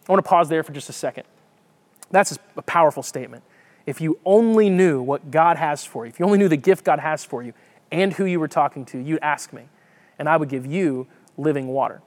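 A pastor with a slightly high voice preaches a conversational sermon at a fairly quick pace. He reads scripture and explains it, restarting often and repeating words as he thinks, in a lively manner.

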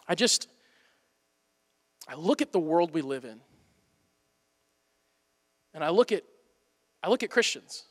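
A man with a high, bright, ringing voice preaches an impassioned sermon, building to loud pleas and dropping to near-hushed lines. His words carry a long reverb off the walls of a church sanctuary. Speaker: pastor.

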